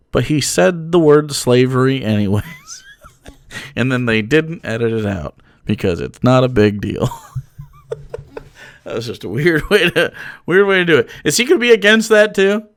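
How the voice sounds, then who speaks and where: A man streaming, reacting to a clip with profane ranting commentary, laughing often and swinging from mumbles to shouts. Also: mid-range voice.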